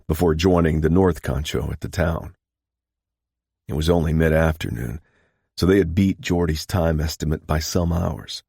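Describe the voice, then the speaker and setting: Man, audiobook narrator, steady storytelling, husky, dry close recording. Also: very deep voice, no echo.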